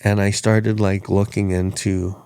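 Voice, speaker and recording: Male host, low gravelly voice, earnest storyteller, dry close sound. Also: flat delivery, measured pace, warm tone, no room sound. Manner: earnest, repeats words as he restarts. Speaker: podcast host. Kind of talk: reflective storytelling chat.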